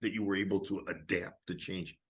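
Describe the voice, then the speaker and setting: A man's voice: low voice, steady tone, fairly quick. A man hosting a casual interview, asking long, rambling questions full of fillers and asides. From Italian-American family in Illinois. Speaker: interviewer, host.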